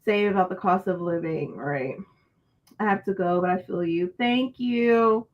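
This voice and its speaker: This book channel host, a woman, responds to her livestream chat in a laid-back setting but ends up venting angrily and cursing freely. Her mid-range voice moves at an unhurried pace, and the audio is dull.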